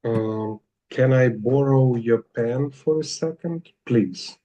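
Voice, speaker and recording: A man's voice: mid-range voice, takes it slowly, dark tone, lo-fi sound. A man, a trainee answering the trainer's questions in an online class, hesitant at times.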